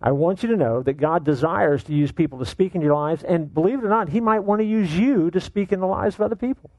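A man preaching a sermon as pastor, animated and joking, firing off rhetorical questions at his congregation. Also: sits high, quick pace, dry recording, poor audio.

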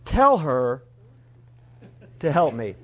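A man's voice: a little high, sing-song, extremely slow, a bit bright, pitched below the performer's own voice, exaggerated voice. A man voicing an overworked, exasperated woman, indignant and complaining to her master.

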